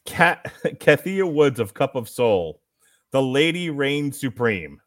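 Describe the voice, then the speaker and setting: A man's voice: medium pitch, big pitch swings, slow, dry recording, clean studio sound. A man hosting a podcast movie review, reading critics' quotes with joking asides in casual chat. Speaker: podcast host.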